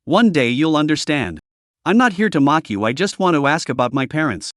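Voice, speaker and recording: A man voicing a stern, calm young male martial master who speaks in a commanding way. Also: on the high side, a little fast, no echo, studio quality.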